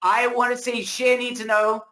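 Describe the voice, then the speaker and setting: A man hosting a webinar, giving a pushy, excited sales pitch over a video call while his voice is wearing out. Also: moderate pace. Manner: hyped, pushy salesman hype. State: losing his voice. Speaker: webinar host. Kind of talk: hard-sell webinar pitch.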